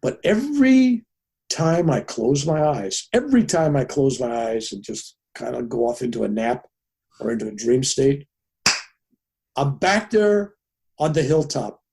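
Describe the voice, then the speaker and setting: A man's voice: medium pitch, measured pace, slight background noise. Older man telling a vivid story. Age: 70s. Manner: animated storyteller, voices the people in his story. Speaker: guest. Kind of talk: podcast interview storytelling.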